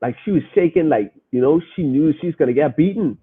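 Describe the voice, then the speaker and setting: A man's voice: fairly high pitch, animated, a little fast, slightly rough. A man hosting a podcast in casual talk to his listeners, speaking emphatically and repeating phrases as he makes his point. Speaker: podcast host. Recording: tinny phone-line sound.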